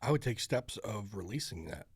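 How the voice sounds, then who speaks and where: A male podcast co-host muses aloud, hesitant and thoughtful in casual conversation. His pitch moves around a lot, and the sound is dry and close, with no room reverb. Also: expressive, moderate pace, slightly rough. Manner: reflective, hesitant, musing aloud.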